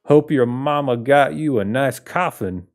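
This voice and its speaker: A man voicing a gruff, threatening male western cowboy gambler with a drawl. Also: mid-range voice, a little slow, faint music behind, pitched above the performer's own voice, close to an everyday voice. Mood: menacing.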